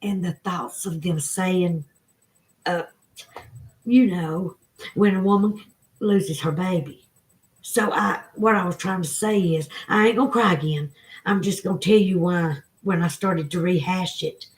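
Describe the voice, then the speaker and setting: A woman's voice: on the low side, unhurried. A woman with a Southern American accent, in her forties or older, hosting a casual livestream and talking to viewers by name in a folksy, emotional way. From Southern United States. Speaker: livestream host. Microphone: phone.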